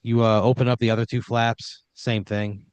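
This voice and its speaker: A man's voice: medium pitch, flat delivery, moderate pace, a little mellow, clean tone, no room sound, lo-fi sound. A man narrating an improvised horror comedy scene in a loose, rambling way, full of fillers and restarts. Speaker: storyteller running the scene.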